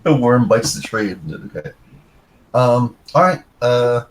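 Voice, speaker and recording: A man's voice: mid-range voice, expressive, slow pace, poor audio. A man running a tabletop game as game master, giving loose, chatty rulings with many fillers.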